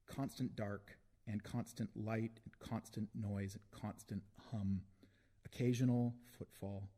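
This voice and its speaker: A man with a low voice reads poetry live before a launch audience. he takes it very slowly, letting long pauses hang between phrases, each line weighed and deliberate. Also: steady tone, mellow. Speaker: poet reading his work. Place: live book launch in a hall.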